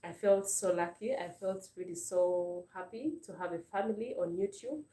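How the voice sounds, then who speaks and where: Speaking with a Ugandan English accent, a female stream host talks in a fairly low, dark voice at normal speed. Her casual chat is heartfelt and full of thanks, with lots of fillers and repeated words. The distant mic picks up a roomy sound, her voice slightly off-mic.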